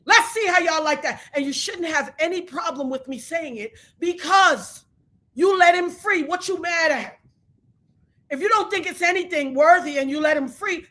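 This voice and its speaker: A woman giving an angry, tearful commentary rant, shouting, cursing and praying aloud in between. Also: extremely high pitch. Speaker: commentary vlogger.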